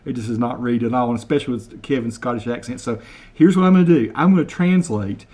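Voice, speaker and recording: A man from the United States hosts a casual comedic video, talking straight to his viewers in a mid-pitched, ordinary voice. He slowly repeats phrases word by word, sometimes spelling words out letter by letter. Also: mellow. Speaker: video host. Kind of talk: casual comedic talk to camera.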